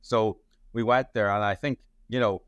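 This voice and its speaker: A man's voice: lowish voice, fairly even intonation, moderate pace, clear, resonant tone, no echo, muffled recording. A man, a journalist answering interview questions in a rambling way, full of restarts and fillers. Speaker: journalist and playwright.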